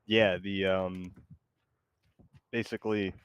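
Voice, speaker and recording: A man's voice: deep voice, flat delivery, takes it slowly, clean tone, lo-fi sound. A man streaming a battle royale game, chatting loosely and rambling with plenty of likes and ums. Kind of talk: casual stream chat.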